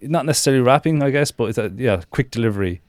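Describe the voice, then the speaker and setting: A man's voice: mid-range voice, lively intonation, rapid-fire, darkish tone, dry recording. A man in a casual music discussion who thinks aloud with hesitant phrasing.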